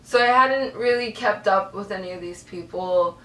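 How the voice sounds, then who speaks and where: A woman's voice: mid-range voice, moderate pace, bright, forceful tone, distant mic. Earnest, emotional young woman vlogger. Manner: earnest, emotional, tearful at times. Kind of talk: personal story to camera. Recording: echoey room, voice a bit off-mic.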